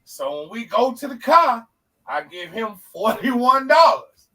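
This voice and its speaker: A man co-hosting a podcast, telling a profane, animated story in casual chat and acting out the people in it. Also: extremely high pitch, a little slow, distant mic, poor audio. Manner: animated, profane, acts out quoted voices. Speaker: podcast co-host.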